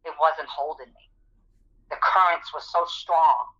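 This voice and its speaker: A woman's voice: deep voice, steady tone, a little slow, a bit bright, breathy edge, muffled recording. A woman guest earnestly and dramatically retelling a personal testimony in an interview. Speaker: guest telling her testimony. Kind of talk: emotional personal storytelling.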